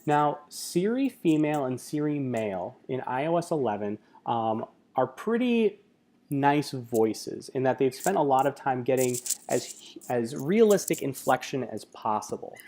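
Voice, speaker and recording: A man's voice: medium pitch, big pitch swings, unhurried, darkish tone. A man working as a tech coach, giving a casual screen-recorded tutorial with many fillers. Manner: casual, filler-heavy explaining.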